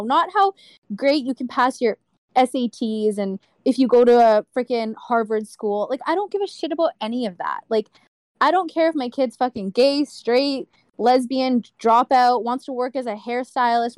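A woman's voice: a little high, no room sound. A young woman talking candidly as a podcast guest, blunt and impassioned, swearing freely. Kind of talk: candid casual chat.

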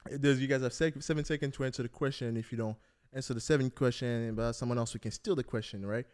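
A young man hosting a casual football podcast, animated and laughing often as he quizzes his friends. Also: mid-range voice, fast, clear, resonant tone. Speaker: podcast host.

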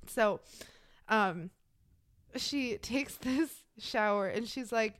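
A woman tells a true-crime story to her co-host in a loose, chatty way, swearing freely and slipping into the voices of the people involved. Her voice is smooth and clear, and the sound is dry and close to the microphone. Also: fairly high pitch, drawn-out words, a bit bright, no echo. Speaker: podcast co-host telling the story.

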